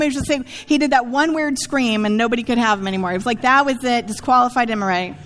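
High-voiced woman preaching in a hall. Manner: conversational preaching, frequent "right?" asides. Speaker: pastor. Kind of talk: sermon.

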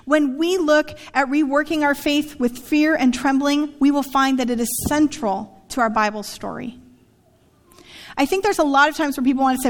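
High-voiced woman preaching in a hall. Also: moderate pace. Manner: conversational preaching, frequent "right?" asides. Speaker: pastor. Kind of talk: sermon.

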